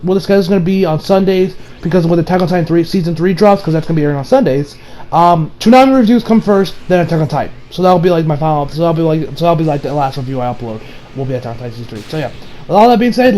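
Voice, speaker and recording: An American man reviews an anime episode casually and ramblingly, swearing freely, using many fillers, and restarting his sentences. His high voice has a warm tone, though the recording quality is low.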